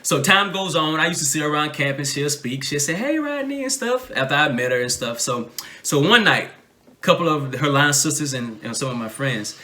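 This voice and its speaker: Animated Southern American man telling a story. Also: brisk. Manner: animated, acts out quotes in a much higher voice. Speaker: podcast co-host. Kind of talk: casual storytelling chat.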